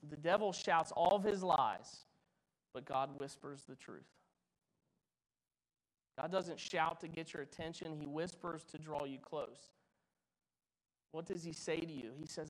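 A pastor preaching a sermon, swinging from loud, dramatic lines to hushed, quiet ones. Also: male voice, on the high side, low-quality recording.

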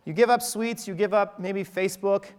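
A man's voice: high voice, steady tone, moderate pace, a little mellow, big-room sound. A man preaching a sermon in a church, talking conversationally with playful asides to the congregation. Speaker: pastor.

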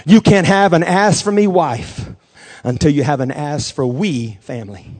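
A man pastor preaching a sermon, moving from quiet storytelling to shouted, fervent declarations. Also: on the high side, moderate pace.

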